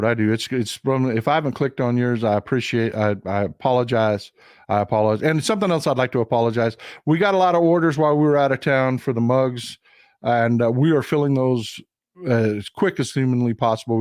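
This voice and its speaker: A Texan man hosts a casual political commentary livestream, speaking bluntly and emphatically and repeating short phrases to drive points home while reading viewer comments and thanking donors. His mid-range, darkish voice moves fast. The studio-quality recording is dry and comes from a streaming setup mic.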